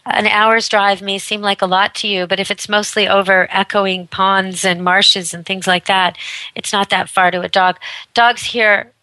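Chatty woman host of a pet radio show; bright, forward tone, dry close sound. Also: mid-range voice, fairly even intonation, unhurried, no room sound, rough recording. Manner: chatty, amused, laughs often, playful dog voices. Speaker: radio show host, dog camp owner. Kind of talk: casual radio monologue. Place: rural dog camp in Canada.

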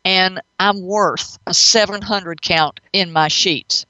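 A man's voice: high-pitched, fairly even intonation, slow pace, pushed and bright, no echo, dull audio, exaggerated voice. A woman voicing the spirit of a haughty male cat who demands finer things, in a talk radio story. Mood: fussy.

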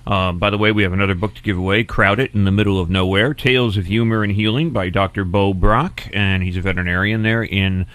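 Low-voiced man hosting a radio chat. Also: steady tone, a bit bright, dry recording. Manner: loose and rambling, with filler words and quick asides. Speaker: radio talk show host. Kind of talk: casual on-air radio chat.

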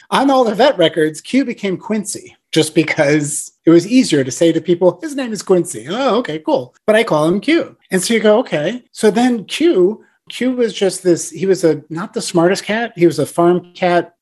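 A man in his forties talks as a guest in a relaxed interview. He tells stories with energy and slips into the voices of the people in them. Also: high-pitched. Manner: storytelling, acts out quoted dialogue. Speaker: founder of a pet rescue platform, guest. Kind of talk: casual interview chat.

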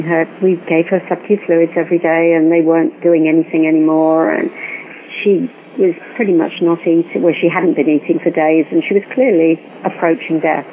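Lower-pitched woman over a tinny phone line. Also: slight background noise. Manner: animated storytelling, acts out quoted voices. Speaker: guest. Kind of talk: storytelling in a phone interview.

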